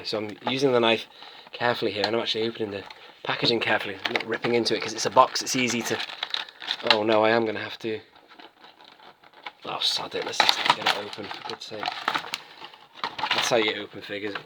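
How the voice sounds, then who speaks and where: Heavy background noise sits under this fairly low-pitched man's voice. He's a British toy collector in his late thirties, casually vlogging as he unboxes and reviews toys, chatting eagerly and rambling along.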